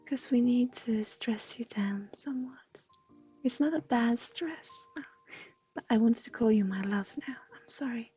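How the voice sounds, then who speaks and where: A woman giving a gentle, half-whispered livestream psychic reading. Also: a little high, unhurried, breathy edge, faint music behind. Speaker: intuitive reader.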